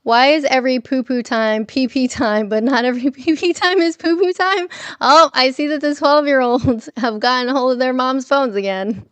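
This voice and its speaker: A woman's voice: high-pitched, moderate pace, a bit bright, clean tone, no echo. A woman hosting a casual morning livestream from home, chatting with viewers and reading their messages aloud, laughing often. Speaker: livestream host.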